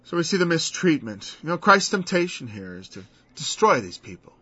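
A man's voice: a little high, big pitch swings, a little fast, a bit bright, husky. A man preaching a sermon in an earnest, emphatic way, repeating words as he stresses a point and quoting scripture. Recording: dull lo-fi recording.

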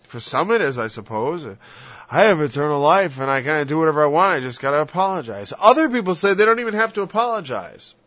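A man giving an informal sermon in an animated way. He mocks imagined sinners in exaggerated voices and sometimes drops to a whisper. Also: a little high, fast talker, no room sound. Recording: dull lo-fi dry recording.

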